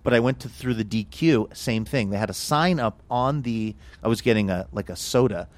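A man's voice: lowish voice, moderate pace, no echo. A man co-hosting a podcast, telling casual anecdotes and acting out quotes. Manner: animated anecdotes with voiced quotes. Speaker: podcast co-host. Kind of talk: casual storytelling.

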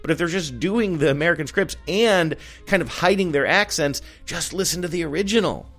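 A man co-hosting a podcast, chatting in an animated, rambling way. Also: fairly high pitch, fairly quick, faint music behind. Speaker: podcast co-host. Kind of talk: casual chat.

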